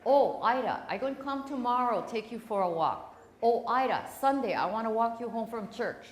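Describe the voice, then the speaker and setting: A woman's voice: fairly high pitch, lively intonation, normal speed, roomy sound, voice pushed up, close to an everyday voice. A woman voicing an eager young man who speaks Hawaiian pidgin and calls out in a pleading, sing-song way.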